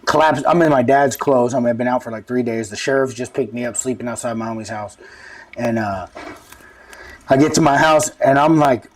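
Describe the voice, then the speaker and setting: SoCal guy, 30s, quick slangy rambler, mic set back from him. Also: mid-range voice, distant mic. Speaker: guest. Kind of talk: casual street-talk storytelling.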